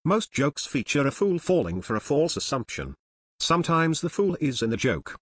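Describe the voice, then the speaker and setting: A man giving scripted, deadpan comic narration in a dry, lecturing tone, like an outsider explaining things. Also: a little high, moderate pace, slightly rough, no echo. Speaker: narrator of an educational series.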